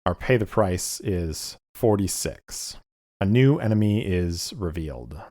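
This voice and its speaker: A man narrating a solo tabletop game as game master and reading rules aloud in a measured way. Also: deep voice, expressive, a little mellow.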